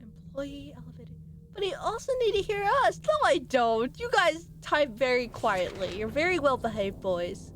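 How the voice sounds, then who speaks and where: A young woman with a fairly high voice chats and giggles through a live game stream, talking straight to her viewers. A faint hiss sits under her voice. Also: big pitch swings, moderate pace, fairly bright tone. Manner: giggly, chatty, talks to her viewers while playing.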